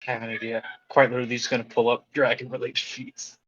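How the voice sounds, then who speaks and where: A man eagerly brainstorms out loud at a tabletop game. His voice is a little husky and mid-pitched. The recording is dull and lo-fi. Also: flat delivery, fast. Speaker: player. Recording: dull lo-fi audio.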